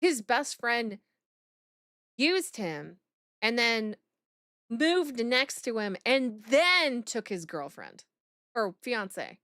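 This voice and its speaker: A woman's voice: fairly high pitch, sing-song, extremely slow, pauses often, a bit bright, no echo, clean studio sound. A woman streaming live, reacting aloud with lots of exclaiming and swearing and talking to her chat.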